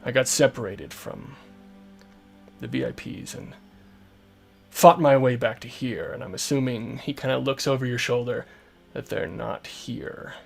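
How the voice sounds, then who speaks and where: A man voicing a pale, tired, broody male tiefling rogue who talks low and subdued. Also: unhurried, creaky, soft background music. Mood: grim.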